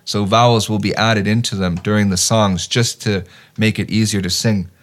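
Song teacher, man, fairly low voice, patient, says each word slowly for learners to echo. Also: fairly even intonation. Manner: patient, explains then repeats words slowly for learners. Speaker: teacher of traditional songs. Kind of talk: teaching song words by call and response.

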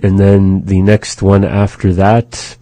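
A man hosting a radio language lesson, repeating each phrase slowly and carefully. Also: low voice, completely flat delivery, dark tone, no echo. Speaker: language teacher and radio host. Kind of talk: slow instructional language lesson.

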